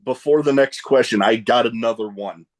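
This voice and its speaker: A man's voice: mid-range voice, normal speed. A man hosting a podcast, asking questions in a loose, joking way and drifting into tangents. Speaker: podcast host. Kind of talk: casual interview chat.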